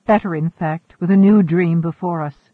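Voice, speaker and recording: A man voicing a kind woman colonist who speaks in a gentle, consoling way. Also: fairly high pitch, fairly even intonation, moderate pace, no room sound, natural voice. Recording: narrow, phone-like, dry sound.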